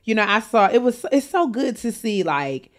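A woman co-hosting a casual chat, animated and laughing, acting out quotes in character voices. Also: on the high side, moderate pace.

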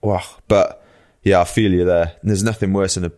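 Laid-back low-voiced cyclist man. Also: fairly even intonation, moderate pace, a little mellow. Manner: laid-back, chatty, heavy use of fillers like "like" and "you know". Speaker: pro cyclist guest. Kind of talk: casual podcast chat.

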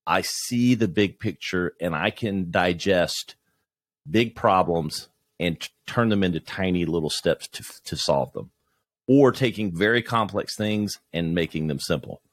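A man who is a podcast guest, talking in a reflective, halting way with many restarts. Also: deep voice, no room sound. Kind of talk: casual conversation.

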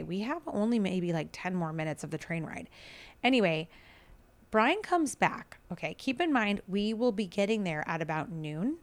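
Woman, podcast host, chatty storytelling, slightly low voice, animated quoted dialogue. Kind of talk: casual storytelling chat.

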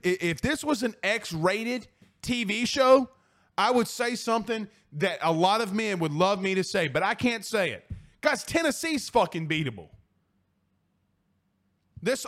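A man's voice: sits high, lively intonation, a little slow, a bit bright. A man hosting a sports talk radio show, ranting in a profane, fired-up way and hammering his points through repetition.

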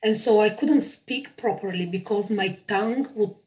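A woman whose first language is not English, chatting as an improviser guest over a video call, animated and quick to laugh. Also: medium pitch, rough recording. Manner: animated, gushing, laughs often. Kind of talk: casual interview chat.

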